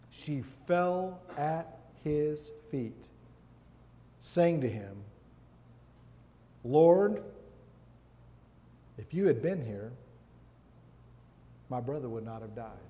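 Slow, emphatic man preaching in a hall. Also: medium pitch, expressive, warm tone. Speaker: guest preacher. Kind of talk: sermon. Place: large hall. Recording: long hall reverb.

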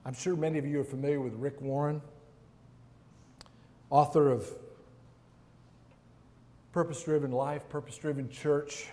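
A man giving a sermon as a guest preacher, reading scripture and speaking with slow, emphatic pauses in a large hall. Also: fairly high pitch, steady tone, dark tone. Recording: long hall reverb.

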